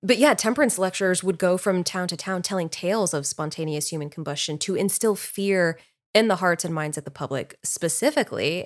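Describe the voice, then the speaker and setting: A woman co-hosting a podcast, chatting casually and recounting researched facts in a relaxed, giggly way. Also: lowish voice. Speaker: podcast co-host. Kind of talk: casual chat with read-out research.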